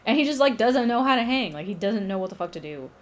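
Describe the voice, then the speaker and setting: A woman's voice: medium pitch, animated, fast. A woman chats on a live stream, retelling an old myth in her own loose words. She rambles, swears freely and giggles at her own telling. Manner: profane, giggly, rambling storyteller. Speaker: streamer and map maker. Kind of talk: casual chat, retelling a myth.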